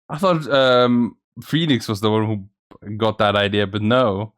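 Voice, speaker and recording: A man's voice: lowish voice, steady tone, measured pace, faint music behind. A man hosting a game playthrough, giving amused commentary between read lines. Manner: amused, laughing asides. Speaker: let's play host.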